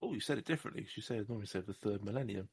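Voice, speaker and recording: A man's voice: fairly low pitch, racing, gravelly, slightly rough. A man hosting a casual podcast, joking at his own expense and rambling between topics. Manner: jokey, self-deprecating, rambling. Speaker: podcast host.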